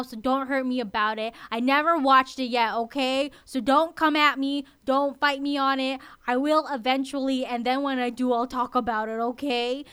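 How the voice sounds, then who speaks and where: A woman's voice: high-pitched, a bit bright, smooth. A young woman hosting a college radio show, chatting eagerly and often tagging her points with "okay?". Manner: chatty and enthusiastic, asks okay? a lot. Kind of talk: casual radio chat.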